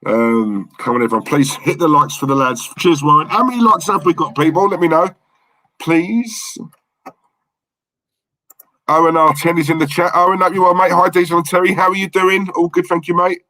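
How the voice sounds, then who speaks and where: Man, bright voice, dry close sound, chatty fan co-host, thanks viewers. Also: fairly high pitch, moderate pace, dry recording. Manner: chatty, thanks viewers in the chat, excitable at the match. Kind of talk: live football watch-along chat.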